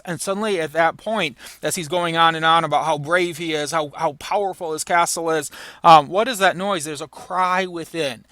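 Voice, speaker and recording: A man's voice: fairly high pitch, moderate pace, sharp tone, no echo. A man lecturing on literature, explaining patiently and paraphrasing the passages he reads aloud. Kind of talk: recorded lecture.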